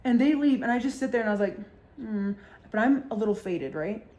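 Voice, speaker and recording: A woman's voice: fairly high pitch, animated, quick pace, a little mellow. A young woman hosting a podcast, telling a story in a casual, chatty way, swearing often and filling her sentences with "like". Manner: chatty and profane, many filler likes. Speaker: podcast host.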